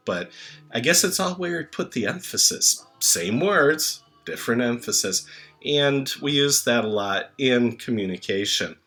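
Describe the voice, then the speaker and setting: A man speaking a memorial tribute, slow and halting with many filler pauses, songs playing in the background. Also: lowish voice. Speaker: channel host reading tributes. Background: soft music.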